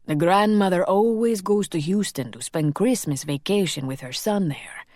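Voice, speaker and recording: A woman's voice: on the low side, moderate pace, darkish tone, no room sound, clean studio sound, lightly acted. A woman voicing a cocky young male shapeshifter who teases his friend in joking, slangy banter.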